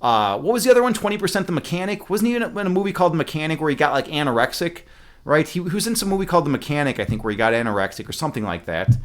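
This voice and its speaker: Lively, rambling young man streaming. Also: on the high side, very fast. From Midwestern US. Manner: rambling, profane, joking with chat. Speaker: livestream host. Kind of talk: casual livestream chat.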